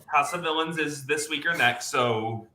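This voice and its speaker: A man's voice: on the high side, moderate pace, sharp tone, echoey room. A man co-hosting a casual reality TV podcast, cutting in with emphatic opinions. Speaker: podcast co-host. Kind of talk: casual chat.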